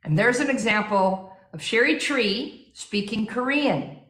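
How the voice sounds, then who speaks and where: A woman with a fairly high voice runs a motivational sales seminar, driving her points home with rhetorical questions. Her delivery is energetic and persuasive. The sound rings with a noticeable echo. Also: unhurried. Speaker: sales trainer.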